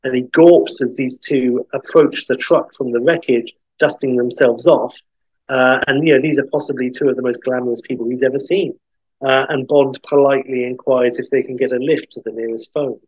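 Man animatedly pitching a spy film. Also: moderate pace, breathy edge, no echo. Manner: animated retelling with many fillers. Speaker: podcast host pitching a film. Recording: dull, dry recording.

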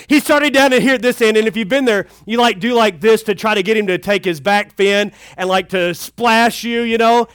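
A man's voice: sits high, normal speed, fairly bright tone, smooth, no room sound. A middle-aged man, a pastor, telling funny family stories in a folksy camp sermon. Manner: folksy and humorous, acting out a child's cries.

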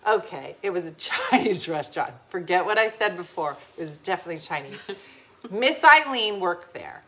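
A woman's voice: on the low side, moderate pace. A woman from New Jersey, a little tipsy, telling a story in casual chat and acting out the voices of the people in it. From New Jersey, USA. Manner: animated, laughing storyteller acting out quoted voices.

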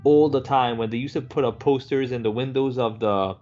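A man's voice: mid-range voice, a little fast, darkish tone, muffled recording, soft background music. A man co-hosting a film podcast in casual discussion, bantering and swearing freely. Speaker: podcast co-host.

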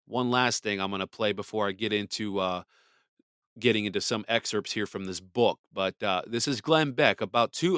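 A man's voice: mid-range voice, no echo. A man hosting a podcast, ranting in blunt, profane, heated commentary. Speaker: podcast host. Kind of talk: angry commentary.

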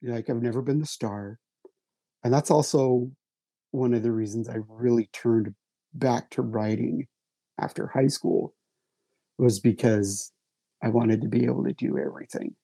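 Gravelly, husky-voiced man telling stories. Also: medium pitch, unhurried, long pauses, mellow, no echo. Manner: self-deprecating, anecdotal. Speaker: writer and stage actor guest. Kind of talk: casual conversation, storytelling.

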